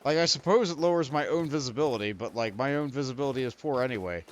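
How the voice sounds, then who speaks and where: A man's voice: medium pitch, animated, fast talker, lo-fi sound. A young man streaming a video game, rambling and poking fun at himself while he talks to the creatures on screen. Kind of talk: let's play commentary.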